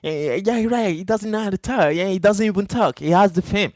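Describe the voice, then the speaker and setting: The voice belongs to a man hosting a live stream, high-pitched and fairly quick with a darkish tone. He speaks English as a second language and keeps addressing his chat emphatically, repeating himself.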